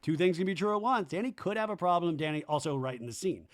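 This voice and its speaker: A man hosting a podcast, recapping a TV episode in a gossipy, animated way. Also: high-pitched, fast, no room sound, clean studio sound. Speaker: podcast host. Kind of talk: comedic TV recap.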